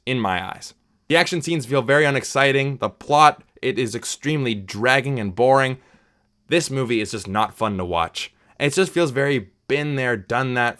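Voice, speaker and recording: Man, casual film review, chatty, opinionated, frequent asides, mid-pitched voice. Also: fairly bright tone.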